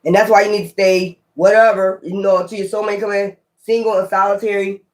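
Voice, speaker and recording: A man giving a casual tarot reading to his viewers, blunt and profane, talking in an animated way. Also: sits high, fairly quick. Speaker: tarot reader.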